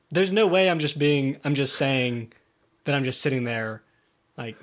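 A man chatting casually about a tabletop game session, animated and laughing in mock outrage. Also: on the high side, normal speed.

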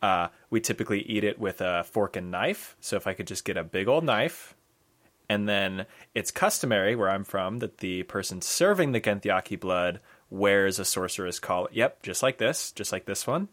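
A man's voice: lowish voice, animated, normal speed, a bit bright, pitched below the performer's own voice. A man voicing a scheming prisoner in a sorcerer's collar, coaxing and sly.

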